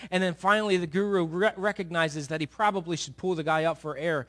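A man delivers a sermon in a notably high voice. He tells a long illustration quietly, then builds to loud, emphatic points while drawing on a board for the congregation. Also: fairly even intonation, a little fast, hardly any pauses. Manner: storytelling, drawing on a board as he preaches; drops to a low murmur while telling a story, then rises forcefully. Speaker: pastor.

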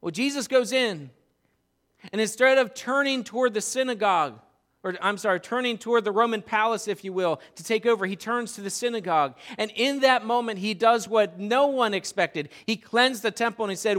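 Male pastor, high-pitched, animated sermon storyteller. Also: fairly quick. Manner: animated storytelling, acts out crowd voices.

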